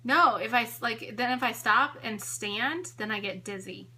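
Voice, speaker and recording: On a casual live stream, a pregnant home organizing vlogger in her late thirties tours her home for viewers via a tripod camera, chatting, giggling, and a bit out of breath. Her voice is on the high side, bright and forceful with a breathy edge, at a moderate pace.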